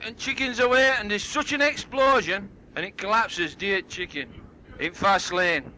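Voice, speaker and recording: A man's voice: sits high, moderate pace, sharp tone, rough recording. A man, rambling through dirty jokes at a party and slipping into voices for the characters. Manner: rambling, broad dialect storytelling with voiced characters. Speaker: joke teller at a party. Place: home party. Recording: hissy old cassette tape.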